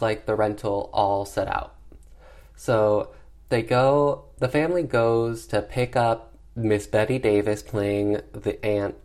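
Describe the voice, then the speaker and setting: A man giving a casual, sassy recap of a horror film, chatty and peppered with filler words. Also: lowish voice. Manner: acts out characters' lines in quick voices. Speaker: film reviewer.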